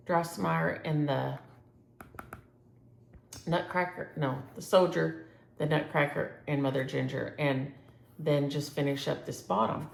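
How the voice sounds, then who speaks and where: A flosstube host with a deep, gravelly voice chats casually while showing viewers her cross-stitch projects, rambling and thinking aloud. The sound is roomy with slight background noise.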